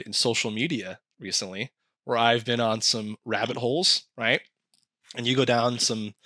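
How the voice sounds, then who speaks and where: A man chatting casually on a podcast, animated and swearing often as he acts out quoted comments. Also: mid-range voice, no room sound, clean studio sound. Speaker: podcast co-host.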